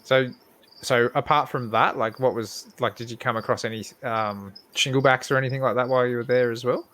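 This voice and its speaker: This Australian man hosts the podcast and asks his guests questions in an easygoing way. His voice is mid-pitched and casual. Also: steady tone, a little fast, a bit bright. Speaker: podcast host. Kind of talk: interview questions.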